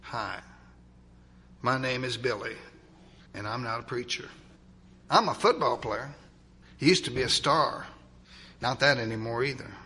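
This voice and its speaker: A man voicing a paralyzed former football star who speaks quietly and earnestly. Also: mid-range voice, a little slow, long pauses, slightly rough, big-room sound.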